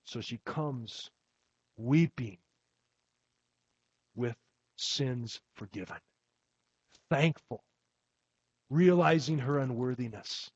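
A man preaching a sermon in a slow, emphatic way, letting his voice swell on key phrases. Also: mid-range voice, a little mellow, slightly rough, dry recording. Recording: dull lo-fi recording.

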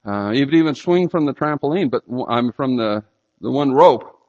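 A man preaching a sermon, telling stories and sometimes breaking into loud outbursts. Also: mid-range voice, moderate pace. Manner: storytelling with sudden loud outbursts. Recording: slightly dull lo-fi sound.

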